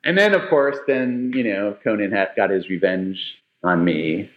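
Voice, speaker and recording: A man's voice: fairly low pitch, measured pace. A man, a former comedy writer, casually telling stories on a podcast, rambling and correcting himself as he goes. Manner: rambling, self-correcting, animated when retelling. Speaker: guest, former late-night writer. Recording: roomy, slightly dull remote audio.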